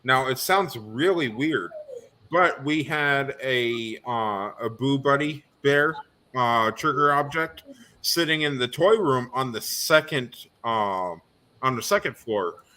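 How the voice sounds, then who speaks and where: A man's voice: medium pitch, expressive, slow, pushed and bright. A man co-hosting a casual podcast, asking long questions full of fillers and restarts. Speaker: podcast co-host. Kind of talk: casual video podcast chat.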